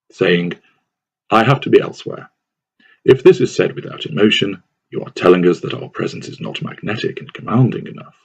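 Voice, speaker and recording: A man reading a scripted advice text aloud in a measured, deliberate way. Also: sits low, creaky, a little mellow, slightly rough. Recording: dull lo-fi recording.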